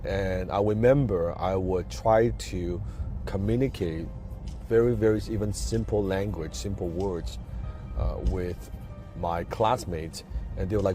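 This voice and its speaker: A man with a low, mellow voice delivers an emphatic motivational talk in English, which is not his first language. He drives his points home by repeating phrases and asking rhetorical questions. Soft music plays faintly behind him. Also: measured pace. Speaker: motivational speaker.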